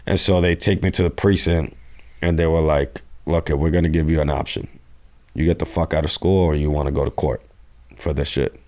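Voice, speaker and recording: A young man from New York City telling stories as a podcast guest, profane and animated, acting out quotes. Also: a bass voice, fairly quick. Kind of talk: casual storytelling interview.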